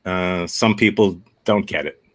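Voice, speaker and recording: An American man teaching an improv workshop over a video call, answering a student's question in a thoughtful, frank way with many halting restarts. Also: deep voice. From United States.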